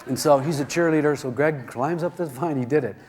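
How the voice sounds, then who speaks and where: Animated man telling a seminar story. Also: on the high side, brisk. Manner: animated, acts out the voices in his stories. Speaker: seminar speaker. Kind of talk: self-help seminar storytelling.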